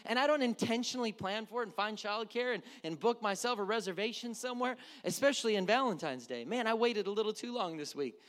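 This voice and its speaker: A male pastor preaching a sermon, swinging from loud urgent passages to hushed near-whispers and acting out quoted prayers. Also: high-pitched, animated, fairly quick, few pauses. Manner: acts out quoted prayers and everyday voices.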